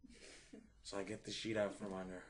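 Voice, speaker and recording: A man with a fairly low voice tells a rambling story in loose podcast chat. He swears in nearly every sentence, circles back on himself and breaks into laughter as he goes. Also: little pitch movement, fast talker. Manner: rambling, heavily profane, laughs mid-story. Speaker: podcast co-host.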